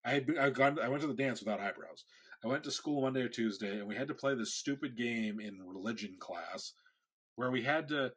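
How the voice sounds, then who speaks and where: A man's voice: medium pitch, brisk, breathy edge. A man in his thirties, a podcast host, telling a story in casual chat and acting out the quotes. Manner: animated storyteller, acts out quotes.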